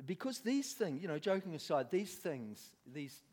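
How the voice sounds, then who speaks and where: A man's voice: fairly high pitch, sing-song, normal speed, a little mellow. A man preaching a sermon, telling a story with lots of laughter and acted-out voices.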